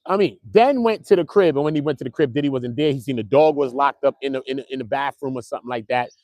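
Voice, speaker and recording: Casting: male commentary host, quick slangy delivery, dry close-mic sound, mid pitch. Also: no room sound. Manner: animated, slangy, keeps calling viewers bro. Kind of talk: casual online commentary.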